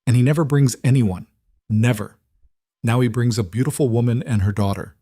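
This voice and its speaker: A man's voice: medium pitch, brisk, mellow, no echo, studio quality, lightly acted. A man voicing an older Italian woman who runs a restaurant, bossy and teasing, in an audiobook reading. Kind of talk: audiobook character voice.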